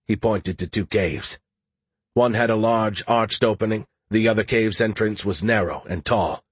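Husky, low-voiced male narrator. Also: moderate pace, no echo. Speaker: audiobook narrator. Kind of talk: first-person audiobook narration.

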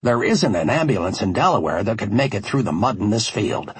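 A brisk, commanding man who takes charge of every moment, read aloud by a male narrator. He speaks in a curt, low, husky voice with lively pitch. The sound is dry and close. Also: no echo, full character voice. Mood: determined. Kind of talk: audiobook character voice.

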